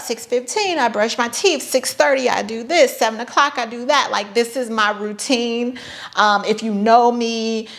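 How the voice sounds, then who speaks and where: Woman, vlogger, chatty, playful, sarcastic, slightly high-pitched. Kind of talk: casual talk to camera.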